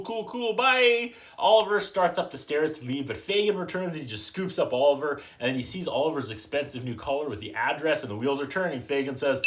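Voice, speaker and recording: Dry, joking male podcast host. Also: medium pitch. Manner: dry, joking, quotes characters in quick put-on voices. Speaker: podcast host reviewing a movie. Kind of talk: casual recap with sarcastic asides.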